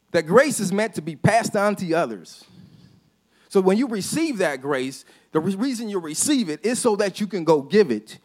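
A man preaching a sermon as a pastor, telling a personal story in a casual, conversational way and often dropping to a soft, low voice for emphasis. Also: sing-song, moderate pace. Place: church sanctuary.

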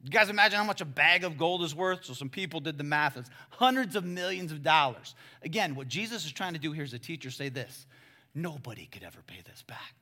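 A male pastor preaching a sermon in a conversational way, calling the crowd guys and swinging between hushed and loud. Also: a little high, expressive, fast, few pauses.

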